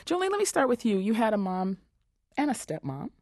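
A woman hosting a radio panel discussion in a studio, with a polished, measured broadcaster's delivery. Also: a little high, big pitch swings, darkish tone, dry recording. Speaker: radio show host. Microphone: studio microphone.

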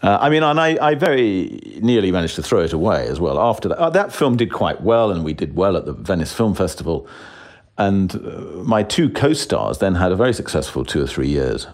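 Deep voiced guy in his 60s, actor chatting in an interview, self-deprecating, chuckles a lot, keeps restarting sentences. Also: big pitch swings, fairly quick. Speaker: actor guest. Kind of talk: casual interview chat.

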